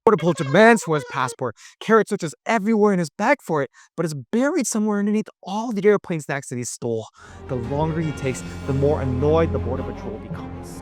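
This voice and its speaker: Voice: medium pitch, lively intonation, a little fast, over music. A narrator and language teacher giving scripted explainer narration in a playful, jokey way.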